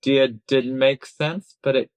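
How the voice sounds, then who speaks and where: A man's voice: mid-range voice, fairly even intonation, slow pace, clear, resonant tone, no echo. A man co-hosting a casual film review chat, easygoing and agreeable, often laughing along. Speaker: film review podcast host.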